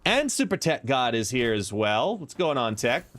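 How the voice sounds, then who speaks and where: A man's voice: medium pitch, big pitch swings, normal speed, fairly bright tone. A man streaming a card game live, explaining plays and chatting as he greets viewers by name. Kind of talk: live gameplay commentary and chat. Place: home, seated.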